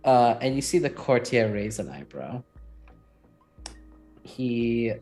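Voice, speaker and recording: Slow-paced male game master. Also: medium pitch, sing-song, warm tone, soft background music. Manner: slow, thoughtful, with many fillers. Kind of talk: narrating a tabletop game.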